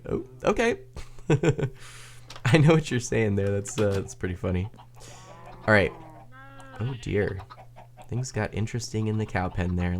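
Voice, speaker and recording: Lively low-voiced male streamer. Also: slight background noise. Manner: chatty, self-deprecating, laughs often. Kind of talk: casual gaming stream chat.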